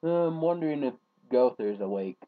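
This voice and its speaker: A man rambling casually to his viewers in a vlog, trailing off into low mumbles and then bursting into loud rants. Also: animated, moderate pace. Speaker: vlogger. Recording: dull lo-fi home recording.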